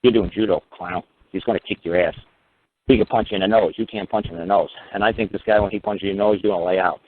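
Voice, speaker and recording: This radio talk host has a lowish voice and fairly even intonation, and he speaks quickly. His courtroom story comes as a casual, emphatic monologue full of profanity, with his voice rising now and then as he imitates others. The audio is thin and tinny, like a phone line.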